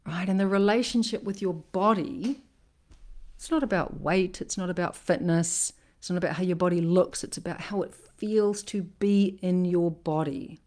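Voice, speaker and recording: This live stream features a woman relationship coach in a casual, animated monologue, repeatedly asking "right?" as she drives her points home. Her pitch is fairly low and she talks at a normal speed.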